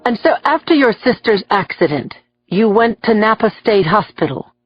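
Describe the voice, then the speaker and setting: A woman voicing a composed male defense lawyer in an audiobook, calm and matter-of-fact. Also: medium pitch, lo-fi sound, music in the background, natural voice. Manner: calm, measured.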